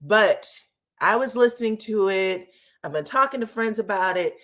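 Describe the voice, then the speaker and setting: A woman's voice: mid-range voice, lively intonation, moderate pace, a bit bright. A woman hosting a casual livestream chat, greeting her viewers one by one and talking about celebrity gossip. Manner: chatty, greets viewers by name, says y'all. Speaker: YouTube commentary host.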